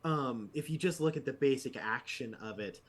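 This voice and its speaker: A man's voice: mid-range voice, normal speed. Rambling male game master. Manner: rambling, full of fillers. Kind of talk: narrating a tabletop game.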